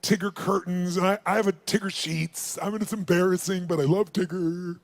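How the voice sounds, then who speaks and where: A man's voice: high-pitched, steady tone, a little fast, creaky, no room sound. Brief: a guarded teen goth girl, curt and defensive, as a man retells her. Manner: curt, defensive replies, softening later. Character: guarded tough teenage goth girl, thirteen.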